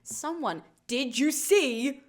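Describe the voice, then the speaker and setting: A fretting, self-absorbed older sister who worries most about her own sons, as a woman acts her out. She fires off quick, worried questions, one after another. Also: sits high, lively intonation, pitched above the performer's own voice. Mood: anxious.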